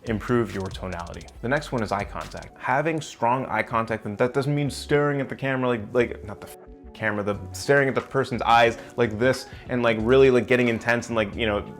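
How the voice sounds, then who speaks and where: A man's voice: medium pitch, fairly quick, soft background music. A young man giving blunt, emphatic advice in a casual vlog, talking straight to the viewer and swearing now and then. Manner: talks directly to the viewer in a coaching way. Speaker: self-improvement vlogger.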